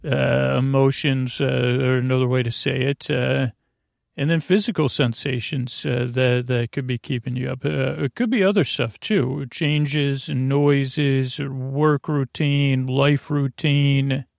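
A man hosting a bedtime podcast, talking slowly in a meandering way with lots of filler words and tangents. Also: mid-range voice, fairly even intonation, no echo, clean studio sound. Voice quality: creaky. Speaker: podcast host. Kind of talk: rambling bedtime talk.

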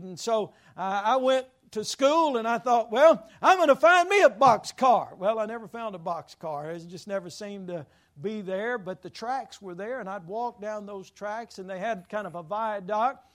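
High-voiced preacher telling stories. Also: male voice. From Louisiana. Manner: folksy, rambling storytelling with self-deprecating humor. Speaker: pastor. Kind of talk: sermon told as a personal story.

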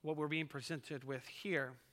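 Bright, crisp preaching man in a reverberant church. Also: on the high side, fairly even intonation, measured pace. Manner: preaches with rising emphasis, reads poetry dramatically. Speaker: pastor. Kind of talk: sermon. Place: church sanctuary. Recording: live church service with long hall reverb.

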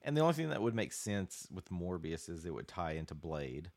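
A man with a low voice hosts a laid-back podcast conversation. He speaks easily and nudges the group on to the next subject. His delivery is unhurried and conversational. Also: very animated, a little mellow. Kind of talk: casual chat.

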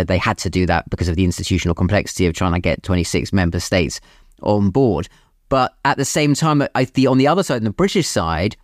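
A man's voice: on the low side, darkish tone, no room sound, clean studio sound. A man hosting a podcast interview, chatting with his guest. He talks in a conversational way and mockingly voices quoted remarks. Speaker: podcast host, journalist.

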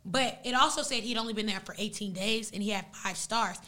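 A young woman whose first language is Arabic guests on a podcast, retelling a story in an animated, slangy, casual way. Her voice is medium-pitched and she speaks briskly.

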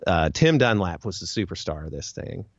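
A man's voice: sits low, sing-song, normal speed, dry recording, lo-fi sound. A man co-hosting a podcast, chatting casually and telling a rambling story with plenty of fillers. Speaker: podcast co-host. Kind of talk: casual chat.

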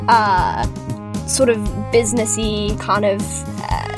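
A woman's voice: medium pitch, steady tone, slow pace. A woman narrating as game master of a tabletop game, rambling and hunting for words with lots of fillers. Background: music.

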